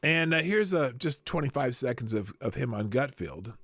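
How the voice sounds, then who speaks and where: A man's voice: medium pitch, expressive, normal speed, fairly bright tone, no room sound. A man hosting a livestream, reacting casually to clips and chat with frequent laughs. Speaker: livestream host.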